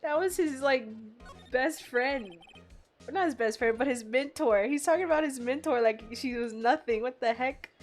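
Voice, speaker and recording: A giggly, chatty streamer with a high, feminine voice who keeps greeting viewers by name. The voice sits high, and soft music plays underneath. The talk stays casual, loose and bubbly. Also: female voice, lively intonation, measured pace. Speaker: game streamer. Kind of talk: casual live-stream chat and game reading.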